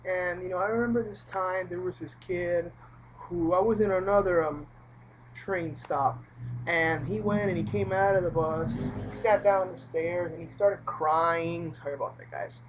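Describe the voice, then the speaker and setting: Woman, lowish voice, casual rambling vlog story, lots of fillers. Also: fairly even intonation, normal speed, a little hiss or hum, poor audio. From Puerto Rico. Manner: rambling, with many fillers and asides. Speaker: vlogger.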